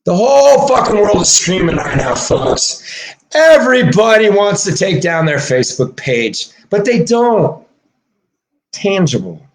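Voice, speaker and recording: Male streamer, loose profane rant, highish voice with big swings, mutters then shouts, laughs between lines. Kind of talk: rambling profane monologue.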